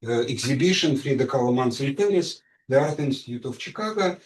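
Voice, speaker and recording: A man's voice: mid-range voice, lively intonation, a little fast, a little hiss or hum. Hesitant male lecturer in an echoey hall. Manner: hesitant, frequent fillers and restarts. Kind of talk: academic conference talk. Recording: echoey hall, mic far off.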